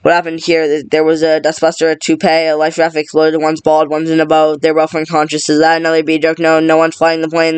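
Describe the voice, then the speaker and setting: A man reading a film script aloud in a flat, rapid monotone. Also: a little high, smooth, dry recording. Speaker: script reader.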